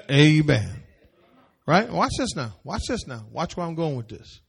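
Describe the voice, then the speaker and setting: Animated high-voiced male preacher. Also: unhurried, vocal fry, breathy edge. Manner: animated preaching with repeated phrases, rising to shouts. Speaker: pastor. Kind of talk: sermon. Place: church service.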